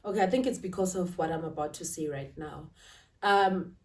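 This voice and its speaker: A woman's voice: fairly low pitch, normal speed. A woman talking to camera about family life in a confiding, emotional way, often asking "right?" and speaking. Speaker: vlogger. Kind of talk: casual talk to camera. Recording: roomy, slightly distant.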